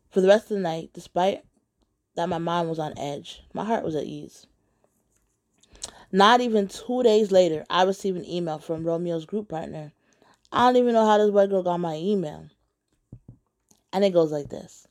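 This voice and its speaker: A woman telling a personal story to the camera in candid storytime narration, blunt, with sharp rhetorical asides. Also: on the low side, moderate pace, long pauses. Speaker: vlogger.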